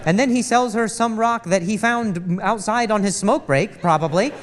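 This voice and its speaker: A man in his thirties doing a stand-up comedy set, telling a story with lively stutters and acting out the people in it. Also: high voice, normal speed, in a large hall, some chatter behind. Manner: animated storytelling with stutters and acted-out quotes. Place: comedy club stage with a laughing audience. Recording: live club audio with audience noise.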